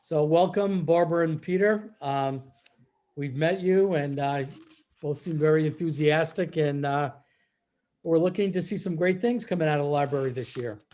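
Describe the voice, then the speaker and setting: A man chairing a public meeting over a video call, his voice sitting a little high. He talks in a relaxed way, with plenty of "um" and "uh" between motions. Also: normal speed. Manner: relaxed, many fillers.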